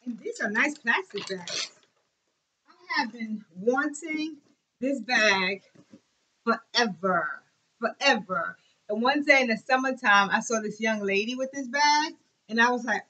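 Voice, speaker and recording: A woman in her forties chatting excitedly and emotionally through a casual unboxing vlog. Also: fairly high pitch, normal speed, rough recording. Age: 40s. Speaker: YouTube vlogger.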